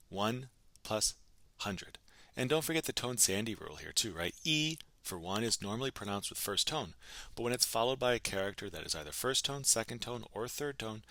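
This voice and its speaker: Bright-voiced male language teacher. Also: on the low side, gravelly, dry recording. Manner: patient drilling, prompts then answers in Chinese. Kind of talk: recorded lesson narration.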